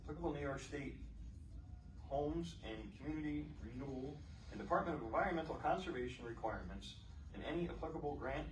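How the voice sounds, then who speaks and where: A man on a city council reading a resolution aloud in steady, formal legal phrasing. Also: on the high side, a little fast. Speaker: council member. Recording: echoey chamber from far off, background noise.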